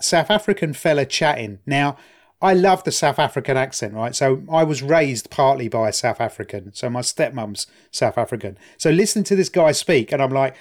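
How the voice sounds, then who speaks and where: A man's voice: medium pitch, animated, normal speed. A man co-hosting a podcast, telling a story in casual chat and often checking in with "right?". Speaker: podcast co-host.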